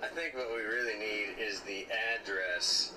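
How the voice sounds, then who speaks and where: Distant low-voiced man in a loud crowd. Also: a little slow. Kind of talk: casual chat.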